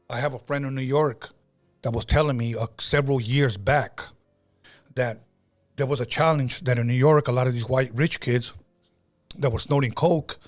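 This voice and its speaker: A middle-aged man hosting a podcast, telling stories in a casual, conversational way with frequent fillers and restarts. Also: mid-range voice. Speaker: podcast host.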